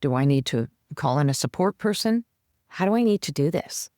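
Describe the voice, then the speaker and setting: Expressive and a little fast, a woman coach shares conversational advice as a podcast guest, lively and acting out her own inner voice. Her voice sits low with a darkish tone, in studio quality with no room sound.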